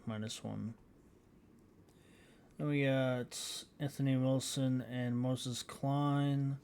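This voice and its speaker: A man giving casual gameplay commentary as a channel host, reading out results haltingly with frequent fillers. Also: mid-range voice, dark tone, slight background noise. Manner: halting, reads out scores with many fillers.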